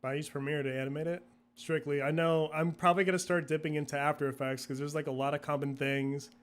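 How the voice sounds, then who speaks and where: A young man with a fairly high voice talks through his process in a loose, rambling way. He laughs often and slips into quoting his own past thoughts as little asides. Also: level tone, quick pace. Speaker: guest, video creator. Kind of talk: casual interview chat.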